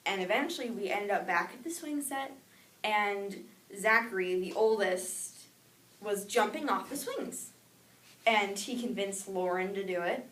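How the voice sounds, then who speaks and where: A young woman telling a personal childhood story in a lively way, acting out the voices she quotes. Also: mid-range voice. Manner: animated, acts out quoted voices. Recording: echoey room with noise, mic at a distance.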